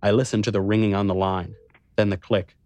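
A man narrates a novel in the first person, with a measured and introspective delivery. His voice sits on the low side. The recording is close and dry, with no room sound. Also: flat delivery, darkish tone, dry recording. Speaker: audiobook narrator.

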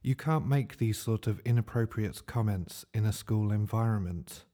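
A man voicing a puzzled male school headmaster who speaks in a measured way. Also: fairly low pitch, dark tone, lightly acted. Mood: disapproving. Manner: measured, bewildered.

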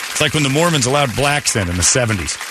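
A man's voice: medium pitch, lively intonation, fast, a crowd in the background, noisy background. A man hosting a morning radio show, bluntly chatting and reading listener letters aloud. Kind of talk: casual morning radio banter.

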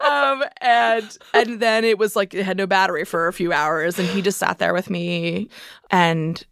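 A woman's voice: medium pitch, steady tone, normal speed, gravelly, a bit bright, clear, resonant tone, no echo, studio quality. A woman telling a painful personal story in a candid, conversational way, full of "like" fillers. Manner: conversational, frequent "like" fillers, emotional recollection. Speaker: memoir author, interview guest.

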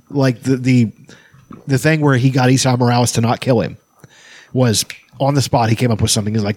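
A man's voice: medium pitch, a little mellow, no echo. A man in casual chat, rambling and swearing freely, with many restarts and fillers.

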